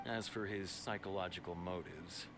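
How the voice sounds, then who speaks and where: A man's voice: deep voice, fairly even intonation, normal speed, noisy background, close to an everyday voice. An actor playing a stern male city guard officer in a video game, giving a formal, briefing-like account.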